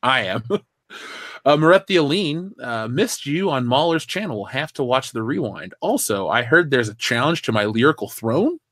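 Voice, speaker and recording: A man co-hosting a comedy podcast, chatting casually and reading out viewer comments with an animated delivery. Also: mid-range voice, moderate pace, dry recording. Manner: animated, laughs between lines. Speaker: podcast co-host reading chat.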